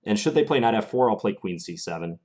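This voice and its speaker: A young man narrates his own chess games live, thinking aloud in an easy, analytical way. His voice sits a little low, and he speaks as if recording at a desk microphone. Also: expressive, quick pace, a little mellow, a little hiss or hum. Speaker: chess streamer.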